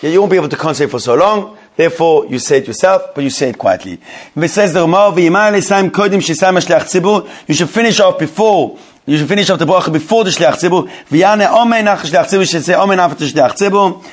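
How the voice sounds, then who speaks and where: A man with a bright, high voice leads a Torah study class. He reads a legal text aloud phrase by phrase and translates each line. He keeps the group engaged with questions and quick praise.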